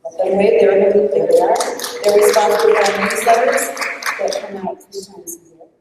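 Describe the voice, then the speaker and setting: A woman's voice: mid-range voice, fairly quick, background noise. A woman leading a librarians' network, thanking her team and announcing new leaders at a conference breakfast. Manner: upbeat, reads off names and thank-yous. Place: large conference hall. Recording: echoey hall, voice from far off.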